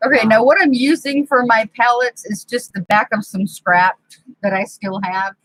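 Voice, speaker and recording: A middle-aged woman hosts a home craft live stream from her indoor craft room, chatting casually as she works and playfully scolding and teasing the kids nearby. Her voice is a little high and fairly bright, with fairly even intonation at a normal speed. A desk computer mic gives a rough recording.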